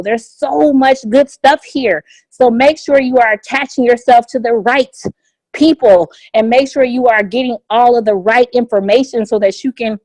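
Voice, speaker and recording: A woman leading a motivational business training session on a conference call, energetic and repeating her key phrases for emphasis. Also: fairly high pitch, dry recording. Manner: energetic and repetitive, hammers home key phrases. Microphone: phone conference line.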